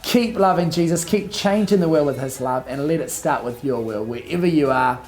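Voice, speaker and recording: A woman's voice: sits low, normal speed, a little mellow. A young woman hosting a kids' church video, playful and teasing. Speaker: children's ministry host. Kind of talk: casual chat to kids.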